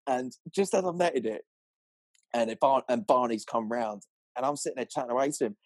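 A young man, an angler, telling a story in an animated, rambling way full of fillers, on a clip-on mic. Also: medium pitch, brisk, dry recording. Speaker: angler guest. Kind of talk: excited storytelling.

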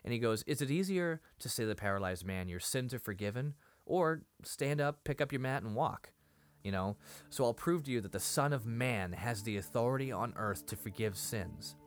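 Lively animated man. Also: mid-range voice, moderate pace. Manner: animated retelling, acting out scenes, laughs often. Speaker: podcast co-host. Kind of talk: casual discussion of a TV episode.

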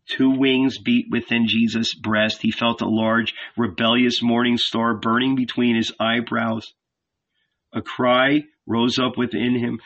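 A male narrator reads a novel aloud slowly and solemnly, with dramatic weight. His voice is bright and clear in tone, but the recording itself sounds muffled and lo-fi. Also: mid-range voice, level tone. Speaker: audiobook narrator. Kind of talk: scripted narration. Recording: dull lo-fi recording.

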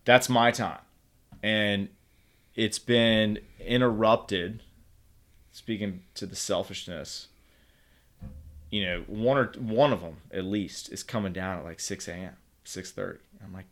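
Blunt, swearing dad in casual chat. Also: male voice, fairly low pitch, fairly even intonation, slow pace, a bit bright. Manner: blunt, swears freely, acts out his kids' whining. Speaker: podcast guest, father.

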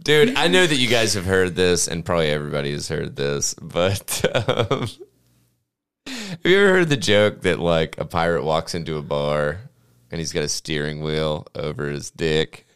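Male podcast co-host, animated, jokey, laid-back chat. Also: sits low, moderate pace, clear, resonant tone. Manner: joking, says "dude" a lot, laughs a lot. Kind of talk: casual chat.

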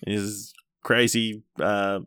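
A man hosting a film podcast, reading out trailer details and chatting in a steady way. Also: fairly low pitch, clean tone, dry recording, clean studio sound. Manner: steady, reads listings, laughs easily. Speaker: podcast host.

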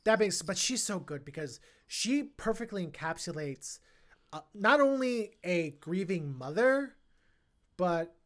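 A podcast co-host in casual film review chat, talking in an animated, chatty way with many fillers and restarts. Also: mid-range voice.

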